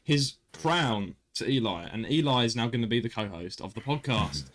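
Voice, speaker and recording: A young man chats as a podcast host. He tells stories in a lively way, his pitch rising and falling a lot. He keeps stopping and starting his sentences. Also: moderate pace. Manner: animated storyteller, self-interrupting with restarts. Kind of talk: casual chat.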